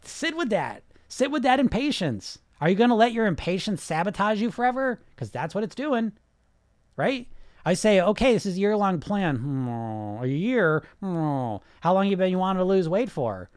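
Male podcast coach, high animated voice, brash and profane, mocks listeners' excuses. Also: normal speed, dry recording, clean studio sound. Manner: blunt, profane, fires rhetorical questions. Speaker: weight loss coach and podcast host. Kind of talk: casual podcast monologue.

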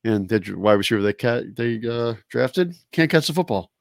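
A man's voice: mid-range voice, animated, moderate pace, vocal fry, dry recording. A man co-hosting a casual sports talk show, blunt and sarcastic, swearing casually. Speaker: co-host.

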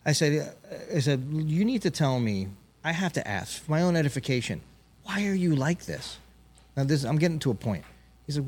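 Guy with a husky voice rambling thru a story on a podcast, lots of restarts. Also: on the high side, big pitch swings, moderate pace, darkish tone. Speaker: podcast host. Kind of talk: casual storytelling chat.

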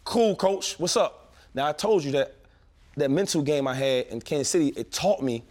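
A man in his thirties, a former pro football player, telling stories in a casual chat with slang, quick restarts and lots of animation. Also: fairly high pitch, lively intonation, a little mellow. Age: 30s.

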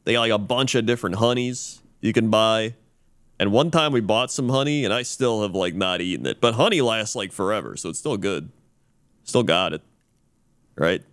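A man's voice: on the low side, lively intonation, normal speed, fairly bright tone, clean tone. A man co-hosting a podcast, telling a rambling story in casual chat full of fillers and restarts. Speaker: podcast co-host.

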